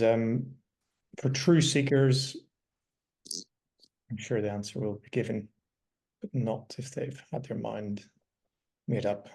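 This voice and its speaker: A man's voice: medium pitch, warm tone. A man hosting a book discussion podcast, talking thoughtfully with frequent fillers and restarts. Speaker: podcast host.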